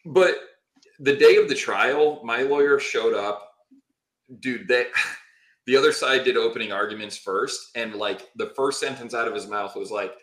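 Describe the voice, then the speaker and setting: A man's voice: mid-range voice, moderate pace, roomy sound. Exasperated, foul-mouthed man telling a story. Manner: animated, exasperated, swears freely. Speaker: podcast guest. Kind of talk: casual storytelling chat.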